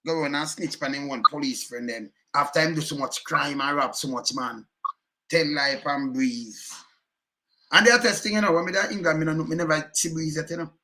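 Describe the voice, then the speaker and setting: A man's voice: fairly high pitch, fairly quick, sharp tone. A Jamaican man giving heated, emphatic commentary in patois, repeating himself and cursing often.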